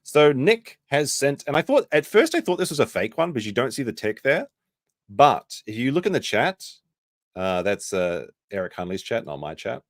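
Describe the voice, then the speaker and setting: A man's voice: medium pitch, very animated, normal speed, no room sound, clean studio sound. A man giving casual live commentary on a stream, rambling and correcting himself as he goes. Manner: rambling, self-correcting, mimics people he quotes.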